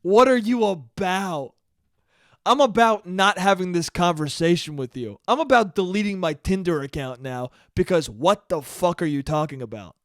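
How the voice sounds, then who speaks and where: A man's voice: high voice, lively intonation, moderate pace, a bit bright, no echo, studio quality. A man hosting a solo podcast, telling stories in a profane, exasperated, mocking rant. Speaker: podcast host. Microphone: podcast microphone.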